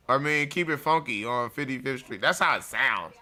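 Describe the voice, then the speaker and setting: A man's voice: medium pitch, moderate pace, bright, forceful tone. A man hosting a livestream, delivering a blunt, profane, mocking monologue and laughing at his own jokes. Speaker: show host.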